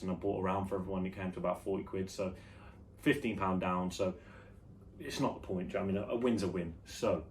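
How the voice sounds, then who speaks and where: A young British man vlogging in a low-energy, offhand, musing way, rambling through casual chat. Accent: British English. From United Kingdom. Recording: slightly distant mic with faint background noise.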